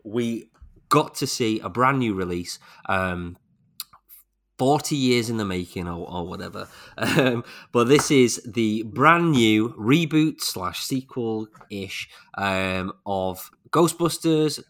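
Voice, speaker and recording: A man's voice: lowish voice, expressive, takes it slowly, a bit bright. A man co-hosting a podcast, chatting casually and joking about what he watches. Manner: chatty, jokey, laughs often. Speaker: podcast co-host. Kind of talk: casual chat.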